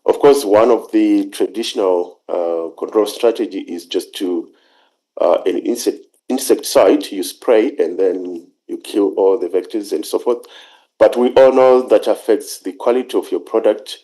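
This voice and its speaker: Guy with a lowish warm voice giving a conference talk on a video call, lots of uh and um, steady explaining. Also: low-quality recording. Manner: measured, halting with frequent fillers. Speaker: conference speaker. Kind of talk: academic presentation.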